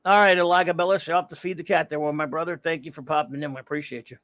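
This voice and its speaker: A man's voice: a little high, fairly even intonation, rapid-fire, fairly bright tone, no echo. A man hosting a casual livestream, rambling and greeting viewers by name as he reads the chat. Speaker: livestream host. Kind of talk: casual live-stream chat, reading chat aloud.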